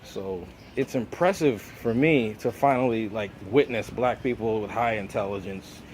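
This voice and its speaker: A man's voice: lowish voice, normal speed, a little mellow, slight background noise. An American man, raised speaking Jamaican patois, in a rambling, profane vlog monologue full of fillers. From United States.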